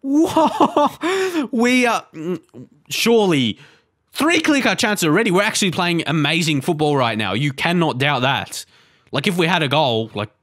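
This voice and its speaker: A young man calmly talking through a live football management game, bursting into excited shouts at near misses. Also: medium pitch, dry recording, clean studio sound. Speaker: gaming YouTuber. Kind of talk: live let's play commentary.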